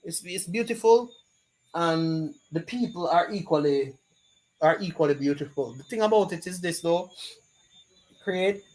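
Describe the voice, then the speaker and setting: A man's voice: a little high, a little mellow. Friendly Jamaican man reading live chat. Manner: friendly, reads chat aloud and greets viewers by name. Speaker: live stream host. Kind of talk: casual live stream chat reading comments.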